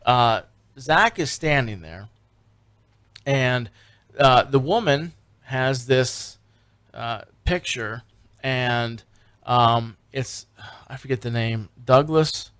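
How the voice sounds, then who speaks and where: A man's voice: medium pitch, takes it slowly, pauses often, fairly bright tone, smooth, no echo. A man co-hosting a radio talk show, telling a long, rambling story with many fillers and restarts. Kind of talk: casual radio chat recapping a TV show.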